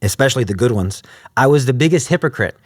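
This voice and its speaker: A man's voice: medium pitch, fast talker, no room sound, clean studio sound. A man telling his story as an interview guest, acting out the voices of the people in it. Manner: animated, acts out quoted voices. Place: podcast studio.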